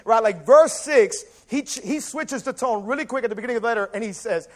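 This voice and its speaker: Man, pastor, high voice, casual animated sermon, acts out quotes. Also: moderate pace.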